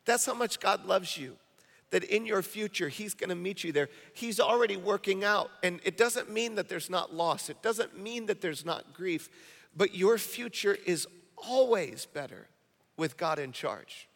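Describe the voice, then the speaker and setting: A male pastor preaching a sermon in an energetic, conversational style, repeating phrases for emphasis. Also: high-pitched, measured pace, creaky. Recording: long hall reverb.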